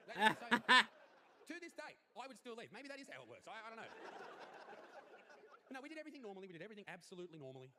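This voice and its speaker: A man in his thirties doing a crude stand-up comedy routine, telling stories deadpan and shouting out the punchlines. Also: sits high, racing, long pauses, very noisy.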